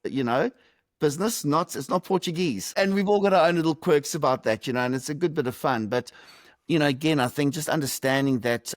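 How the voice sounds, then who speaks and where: Over a video call, a middle-aged South African podcast guest answers interview questions conversationally, reflective and lightly funny. He speaks a little fast in a higher voice, the sound dry and clean like a studio.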